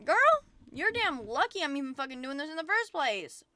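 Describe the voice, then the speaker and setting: A woman's voice: high-pitched, sing-song, a little fast, bright, forceful tone, no echo. A young woman streaming from home, venting and rambling with lots of profanity in casual chat.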